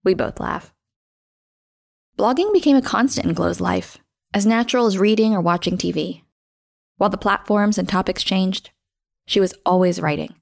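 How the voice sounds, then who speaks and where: Woman narrating a story in measured tones. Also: mid-range voice, vocal fry, no room sound, studio quality. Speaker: podcast host and narrator.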